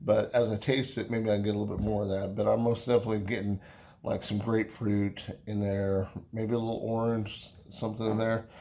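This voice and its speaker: Folksy, rambling man with a low voice. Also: level tone, a little fast, gravelly, mellow. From United States. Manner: rambling, folksy, lots of fillers and restarts. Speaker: beer review vlogger. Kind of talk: casual beer review.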